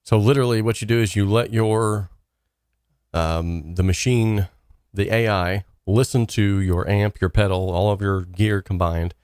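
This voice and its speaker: Deep-voiced man as casual live-stream host, rambling, upbeat, dry close sound; reads chat aloud. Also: fairly even intonation, unhurried, darkish tone, clear, resonant tone, dry recording.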